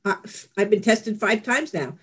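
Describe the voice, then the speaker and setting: A woman's voice: mid-range voice, animated, a little slow, fairly bright tone, husky. A middle-aged woman giving a candid, rambling personal share at a support meeting, laughing at herself. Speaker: recovery meeting speaker.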